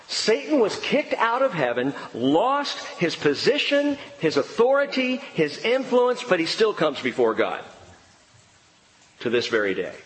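Animated preacher with a high voice. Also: male voice. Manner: animated, emphatic, swings from high excitement to low earnest tones. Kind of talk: expository sermon. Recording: long reverb of a large hall.

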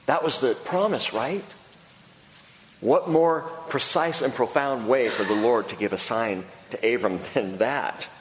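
A man preaching a sermon, telling the story with animated delivery and acting out voices. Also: mid-range voice, a little slow, a little hiss or hum. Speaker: pastor. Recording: echoey hall reverb.

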